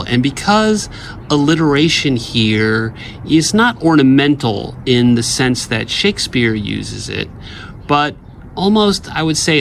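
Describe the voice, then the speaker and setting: A man's voice: mid-range voice, vocal fry, a little hiss or hum. A man teaching literature in an explanatory lecture, reading verse lines aloud and checking in with his listeners.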